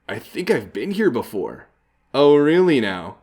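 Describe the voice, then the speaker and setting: A man's voice: mid-range voice, very animated, measured pace, a little mellow. Casual man reading a game aloud. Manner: casual, chuckling asides between read lines. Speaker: let's play host.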